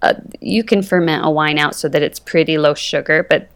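A woman's voice: deep voice, a little fast, smooth. A woman guest on a podcast, explaining things confidently in casual conversation. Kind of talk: casual interview chat.

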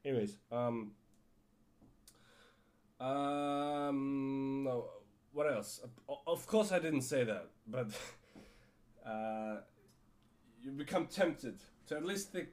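Slow, rambling man with a cold. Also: mid-range voice, darkish tone. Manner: rambling, frequent fillers and restarts, casual swearing. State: has a cold. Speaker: podcast host. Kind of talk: casual storytelling monologue.

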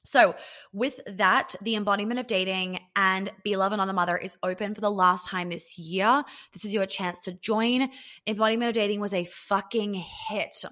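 A woman's voice: mid-range voice, steady tone, moderate pace, a bit bright. Candid woman coaching on dating. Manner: candid, swears casually, acts out little scenes. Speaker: podcast host, dating coach. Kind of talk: casual coaching monologue.

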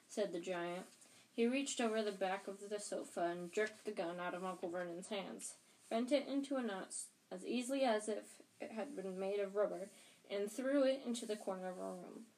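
A woman's voice: mid-range voice, moderate pace, a little mellow. Woman casually reading an audiobook. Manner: plain, unpolished reading with restarts. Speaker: audiobook reader and podcast host.

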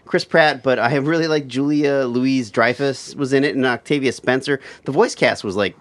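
A man's voice: mid-range voice, moderate pace. A man hosting a podcast, chatting casually and enthusiastically, often restarting his sentences. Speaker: podcast host. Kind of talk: casual chat.

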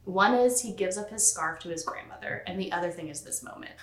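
A woman's voice: lowish voice, fairly quick, roomy sound. A young woman co-hosting a casual chat about a cartoon series, telling stories with lots of laughs and acted-out quotes. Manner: animated storyteller, acts out quotes, laughs often, swears casually. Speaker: podcast co-host.

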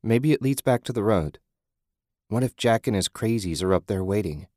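A man's voice: lowish voice, expressive, moderate pace, mellow, no echo, studio quality, natural voice. A man voicing a practical young woman who urges her companions on in an audiobook. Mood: urgent.

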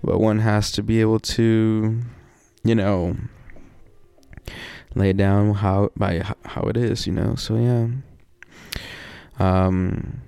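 A man with a low, gravelly voice talks slowly through a casual personal monologue. He rambles, fills gaps with "you know" and swears often. The sound is dry and close. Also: flat delivery, mellow, dry recording. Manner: reflective, wry, sighs and laughs between thoughts.

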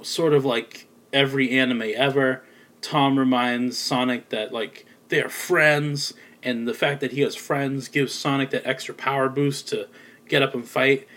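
A man's voice: mid-range voice, fairly bright tone. A man giving a casual spoken film review, rambling with lots of filler words and sounding a little sleepy. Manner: rambling, many ums and likes. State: sleepy, yawning.

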